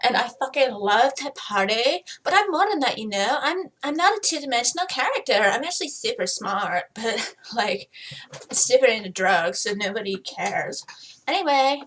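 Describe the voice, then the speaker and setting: A woman's voice: fairly high pitch, lively intonation, moderate pace, fairly bright tone. A woman voicing a ditzy twenty-two-year-old party-girl ghost with a valley girl voice. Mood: bubbly. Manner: bubbly, airy, slangy.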